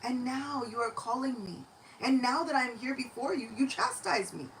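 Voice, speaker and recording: A woman voicing a small divine boy who earnestly and gently reproaches an elder. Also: high voice, expressive, normal speed, gravelly, recorded from a distance, a little hiss or hum, voice pushed up, exaggerated voice, low-quality recording. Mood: tender.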